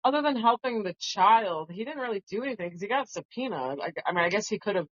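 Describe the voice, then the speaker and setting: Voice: mid-range voice, animated, fast, fairly bright tone. A co-host on a casual book chat podcast who laughs often and talks things through. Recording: dull lo-fi home podcast audio.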